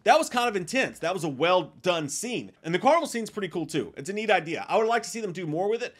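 A man with a high voice that swings wildly up and down ranting about a film in a casual review. He swears constantly and his tone lurches between amused and outraged. His rough, unpolished delivery stays loud and lively. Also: fast talker. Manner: animated, swearing, mocking impressions, laughs often. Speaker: movie review host. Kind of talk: casual profane movie rant.

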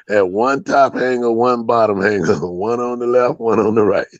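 A man's voice: medium pitch, a little slow, vocal fry, no echo, dull audio. A man telling rambling, profane stories as an interview guest, with many fillers and frequent laughs. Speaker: interview guest, dog breeder. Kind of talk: casual storytelling interview.

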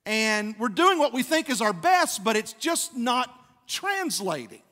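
A man's voice: very high voice, big pitch swings, measured pace, bright, forceful tone. A man, preaching a conversational sermon as a pastor and acting out quotes with growing fervor. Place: church sanctuary. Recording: long church hall reverb.

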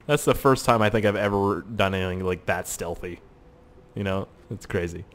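A man's voice: on the low side, moderate pace, slight background noise. A young man joking and swearing as he commentates a video game he is playing, often putting on silly voices for the characters. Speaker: gaming YouTuber. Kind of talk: let's play commentary.

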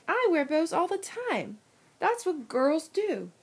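A woman's voice: very high-pitched, very animated, slow pace, full character voice. A woman voicing a prim, fussy young girl cootie bug who talks in a prissy, scolding way. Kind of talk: cartoon voice acting.

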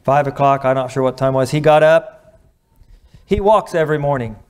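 An earnest middle-aged male preacher delivers a sermon in an ordinary mid-range voice. He slows and sinks to a near hush at tender moments and clears his throat now and then. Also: medium pitch. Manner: earnest, slows and drops to a hush at emotional points.

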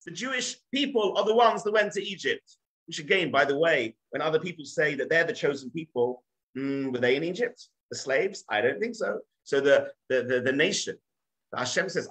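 Animated rabbi telling a story. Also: male voice, mid-range voice, moderate pace, rough recording. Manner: acts out the characters' voices, with frequent restarts.

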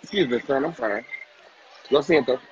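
A man's voice: medium pitch, a little fast, highs cut off. A man hosting a casual livestream from a restaurant, talking in a sassy, profane, playful way. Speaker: livestream host. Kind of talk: casual livestream eating chat.

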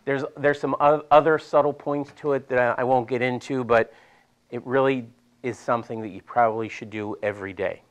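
A man's voice: mid-range voice, fairly quick. Chatty Delaware man teaching a seminar. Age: middle-aged. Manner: animated, chatty, repeats himself for emphasis. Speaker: physical therapist presenter. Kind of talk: live seminar demonstration. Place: seminar room with an audience.

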